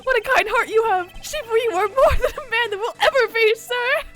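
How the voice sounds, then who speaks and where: A woman's voice: very high voice, brisk, fairly bright tone, faint music behind, pitched above the performer's own voice. A woman voicing an eager, overly earnest young male subordinate in a game. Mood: gushing.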